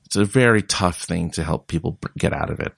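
Low gravelly man, rambling casual talk. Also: a little fast, fairly bright tone, no echo, studio quality. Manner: rambling and conversational, mocking voices in quotes. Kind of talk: casual monologue.

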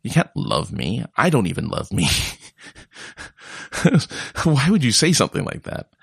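A man's voice: on the low side, huge pitch swings, measured pace, creaky, a bit bright, breathy edge, dry recording, studio quality. A young man talking casually in a rambling way and mocking other people's voices when he quotes them. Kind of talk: casual monologue.

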